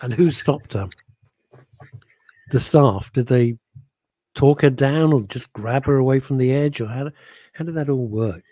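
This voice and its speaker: A man co-hosting a radio show, chatting casually in a jokey, animated way with frequent laughs. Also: mid-range voice, measured pace, long pauses, no echo. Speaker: radio co-host. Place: radio studio.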